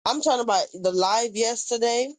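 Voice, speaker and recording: A woman's voice: fairly high pitch, normal speed, dry recording, rough recording. A young woman, chatting casually on a live stream, reacting to viewer comments and retelling gossip. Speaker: livestream host.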